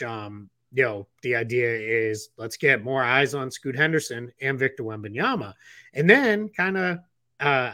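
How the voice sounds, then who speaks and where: A man's voice: medium pitch, a bit bright, dry recording. A man co-hosting a sports podcast in casual chat, rambling with many fillers and restarts, and he has the hiccups. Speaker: podcast co-host.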